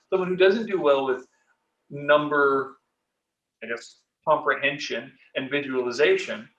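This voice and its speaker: A man's voice: fairly high pitch, pushed and bright. A man hosting an educational commentary, talking conversationally and often checking in with a rhetorical "right?". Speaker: host. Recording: roomy, distant mic.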